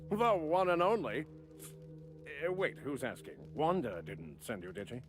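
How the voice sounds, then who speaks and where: Booming, boastful ship captain. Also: male voice, huge pitch swings, a little slow, music in the background. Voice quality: booming announcer-like delivery. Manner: grandiose, old-fashioned phrasing.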